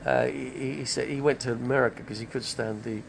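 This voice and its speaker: A man's voice: medium pitch, fairly even intonation, fairly quick, vocal fry, background noise. An older man, rambling casually on a live stream, chatty and digressive. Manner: chatty, digressive, name-dropping.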